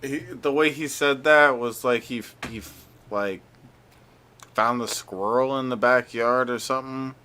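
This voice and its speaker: A man's voice: mid-range voice, measured pace, bright, forceful tone, clear, resonant tone. A man co-hosting a podcast, joking around and swearing freely. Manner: joking, profane. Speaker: podcast co-host. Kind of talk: casual chat.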